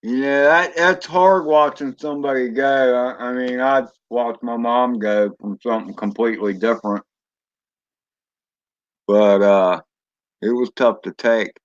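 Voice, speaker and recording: A man's voice: medium pitch, fairly even intonation, measured pace, lo-fi sound. A man chatting casually on a drone hobby live stream, rambling and answering viewers as he goes. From Florida. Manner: rambling, chatty, reads chat aloud.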